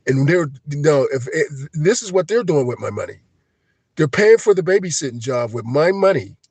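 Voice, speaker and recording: A man ranting on a live stream, agitated and profane, swinging between shouting and low, emotional muttering. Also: expressive, normal speed, breathy edge, no echo. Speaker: livestream host.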